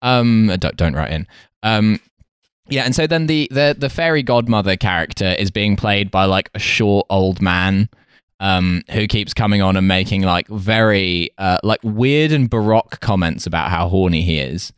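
A man's voice: low-pitched, moderate pace, smooth, no room sound, studio quality. A man co-hosting a podcast, chatting casually and rambling with lots of fillers, restarts and laughter. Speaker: podcast co-host. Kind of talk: casual comedic chat.

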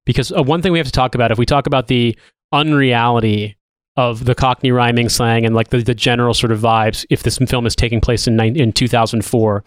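A man's voice: mid-range voice, steady tone, brisk, dry recording. A man co-hosting a podcast in casual chat, rambling with restarts and frequent swearing. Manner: rambling, profane, with filler-heavy restarts. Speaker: podcast co-host.

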